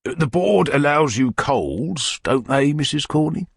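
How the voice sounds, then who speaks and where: A man voicing a pompous, amorous middle-aged parish beadle who woos in courtly, wheedling tones that sink to soft murmurs. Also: on the high side, lively intonation, a little slow, vocal fry, husky, dry recording, studio quality, pitched above the performer's own voice, heavily acted. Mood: wooing.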